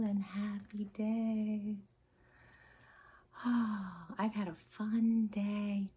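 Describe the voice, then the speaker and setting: A woman guides little children through a quiet relaxation session, speaking at a very slow, unhurried pace. Her voice is mellow and a little breathy, with frequent sighs, yawns and soft whispers. She stays gentle and hushed throughout. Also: mid-range voice, level tone. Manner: slow, soft, sighing and yawning, drifting into whispers. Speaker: children's calm-time presenter. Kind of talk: soothing children's relaxation lesson.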